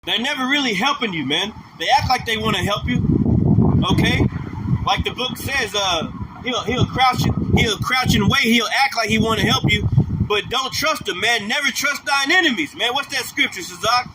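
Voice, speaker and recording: A man's voice: very high-pitched, moderate pace. A man preaching outdoors on a livestream, emphatic and repetitive, in slangy casual talk that keeps ending with "man". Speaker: street preacher. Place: outdoors on a street with passing traffic. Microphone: phone or camera livestream mic. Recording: street traffic noise behind the voice.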